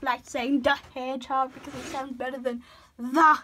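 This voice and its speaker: A woman's voice: high voice, steady tone, brisk, fairly bright tone. A woman chatting casually while she draws, rambling off-topic, apologizing and cutting herself off. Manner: rambling, self-interrupting, apologetic. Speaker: drawing tutorial vlogger.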